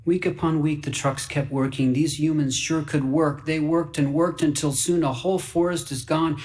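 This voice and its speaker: A man reading a fable aloud for radio in an earnest, wide-eyed way, dropping to hushed whispers and rising into excited bursts. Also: a little high, normal speed, few pauses. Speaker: story reader.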